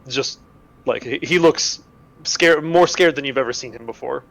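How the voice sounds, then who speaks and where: A man's voice: mid-range voice, normal speed, gravelly, fairly bright tone. A man playing a tabletop game, talking casually and rambling with many fillers and restarts. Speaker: player.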